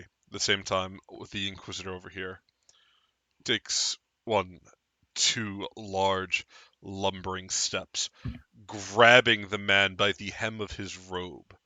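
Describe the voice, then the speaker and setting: Man, game master, lively narration, bright tone, dry close sound. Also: low-pitched, slow, no echo. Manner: lively, vivid scene narration.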